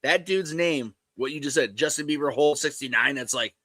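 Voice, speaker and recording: A man's voice: fairly high pitch, a little fast, sharp tone, no room sound, studio quality. A man co-hosting a live sports talk show, speaking emphatically in casual chat and calling others dude and bro.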